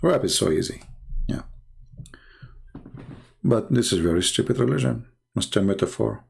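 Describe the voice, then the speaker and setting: A male host from the Arab world, whose first language is Arabic, speaks English with an Arabic accent in mocking live-stream commentary. His fairly low, expressive voice has vocal fry and moves at normal speed, and his sarcasm is full of fillers and restarts.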